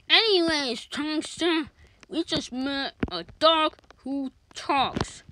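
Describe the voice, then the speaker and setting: A woman's voice: high voice, slow, sharp tone, a little hiss or hum. A woman voicing toy characters in a homemade cartoon, jokey and exclaiming. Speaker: fan video maker voicing toy characters.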